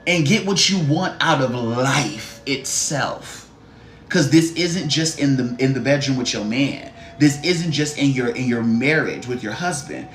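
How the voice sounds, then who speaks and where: A man's voice: mid-range voice, a little slow, a little hiss or hum. Blunt, sassy live-stream reader, man. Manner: addresses the viewer directly, greets live chatters. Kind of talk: live-stream reading, casual chat. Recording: roomy echo.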